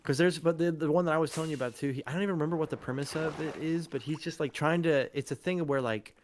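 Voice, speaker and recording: A man's voice: on the high side, fast, slight background noise. Rambling, laughing man streamer. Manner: rambling, laughing, lots of fillers. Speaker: live stream host. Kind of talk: casual chat while gaming.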